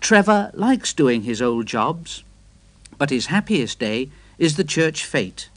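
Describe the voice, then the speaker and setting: Slow, expressive male storyteller. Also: fairly high pitch, no room sound. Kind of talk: storybook reading.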